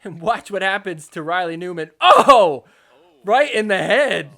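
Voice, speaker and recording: Young male sports podcast host; high, bright tone; excitable, joking recap with mock outrage. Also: normal speed. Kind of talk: casual sports recap commentary.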